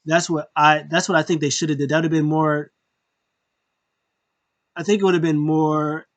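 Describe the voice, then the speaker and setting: Guy rambling through a wrestling show recap, kinda high voice, dry close sound, jumps into squeaky reactions. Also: fairly even intonation, moderate pace, no room sound, lo-fi sound. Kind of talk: casual recap and opinion.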